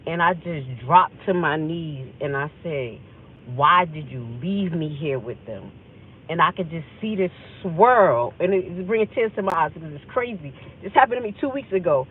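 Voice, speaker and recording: On a livestream, a woman host rambles intensely through an emotional personal story, acting out the conversations she remembers. Her lowish voice is animated and breathy-edged, at normal speed with few pauses. The audio is tinny, like a phone.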